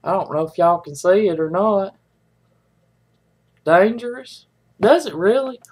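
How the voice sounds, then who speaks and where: A woman's voice: mid-range voice, lively intonation, measured pace, a little mellow, husky. A middle-aged woman, chatting in a folksy, rambling way to viewers of her live stream. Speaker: livestream host. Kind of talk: casual chat with live viewers.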